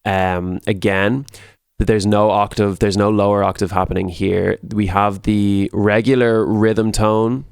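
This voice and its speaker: Male producer, low smooth voice, laid-back tutorial delivery, repeats words for emphasis. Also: level tone, a little slow, dry recording, studio quality. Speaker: music producer. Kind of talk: casual tutorial walkthrough.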